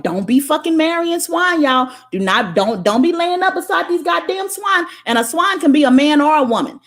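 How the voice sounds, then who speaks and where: A woman's voice: a little high, fairly bright tone. Profane, preachy woman streaming. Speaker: spiritual livestream host. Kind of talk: livestream monologue reading comments.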